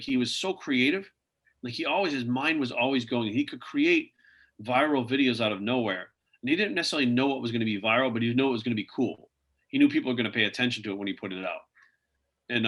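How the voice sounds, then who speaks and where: A man speaking as a podcast guest, rattling off stories at a quick clip. His voice is bright and forceful, and he strings thoughts together with fillers like "like" and "you know". The talk is loose and conversational. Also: mid-range voice. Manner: rambling anecdotes full of "like" and "you know". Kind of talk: casual interview storytelling.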